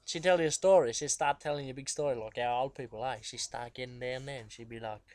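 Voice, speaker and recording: A man's voice: mid-range voice, quick pace, no room sound, lightly acted. A man playing a cheeky Aussie guitarist. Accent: Australian. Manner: rambling, slangy, full of fillers. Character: cheeky laid-back male outback guitarist. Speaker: musician being interviewed. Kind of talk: comedic character interview.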